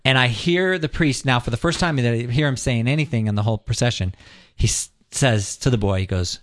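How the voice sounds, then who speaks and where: A man telling an earnest, animated personal story as a guest on a talk show. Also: medium pitch, a little fast, no echo, studio quality.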